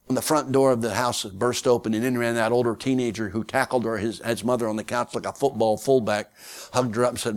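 A man preaching as a guest speaker, telling a story in a folksy, animated way with many fillers. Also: medium pitch, fairly quick. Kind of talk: sermon storytelling.

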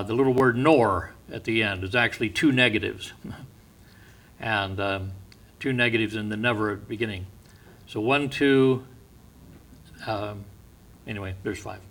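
Man, preacher, sermon, unhurried delivery, reads scripture then explains it. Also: medium pitch, bright, forceful tone.

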